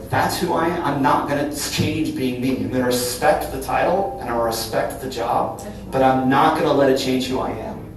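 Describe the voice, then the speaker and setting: A middle-aged man from Cincinnati speaking candidly to a live audience as a company leader, in an earnest, conversational way that keeps tagging "right?". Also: medium pitch. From Cincinnati, Ohio. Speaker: company CEO speaking at a business breakfast. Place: large event room. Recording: very echoey hall from far off, faint hum. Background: occasional audience laughter.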